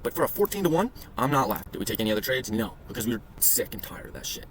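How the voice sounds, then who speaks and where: A day trading vlogger barrels through his chart review with barely a pause, his mid-range, fairly bright voice full of lively intonation. The screen-share commentary is casual and crude, loaded with jokes and profane rambling, over slight background noise.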